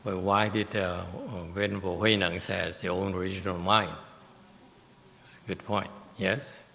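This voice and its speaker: A man giving a Buddhist Dharma lecture, explaining slowly and deliberately and taking questions from listeners. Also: deep voice, flat delivery, vocal fry, sharp tone, in a large hall. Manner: slow, deliberate, explaining with emphasis. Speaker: Buddhist teacher. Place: meditation hall.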